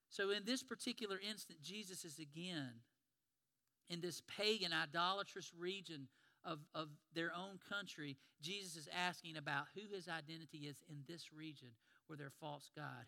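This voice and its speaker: A man's voice: a little high, moderate pace, bright, forceful tone, in a large hall. A man preaching a sermon in a conversational storytelling way, retelling scenes and acting out the lines.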